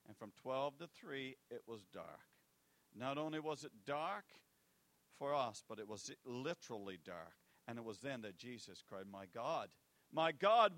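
A man preaching a sermon, swinging between loud declarations and hushed asides and repeating key phrases for effect. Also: medium pitch.

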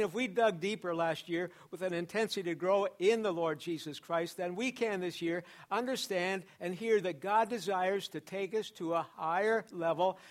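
High-voiced man preaching a sermon. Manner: preaching with repetition and rising emphasis. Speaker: pastor.

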